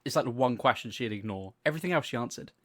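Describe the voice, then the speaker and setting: A man's voice: mid-range voice, very fast. Sweary man telling stories. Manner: animated storytelling, swears freely, acts out quotes. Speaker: podcast co-host. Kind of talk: casual chat.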